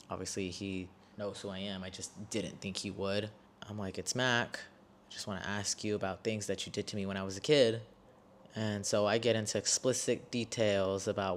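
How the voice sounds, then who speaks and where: Blunt, swearing young man, lowish voice. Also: slight background noise. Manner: emotional, blunt, swears often; repeats and restarts phrases when worked up. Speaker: vlogger. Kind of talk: personal storytelling to camera.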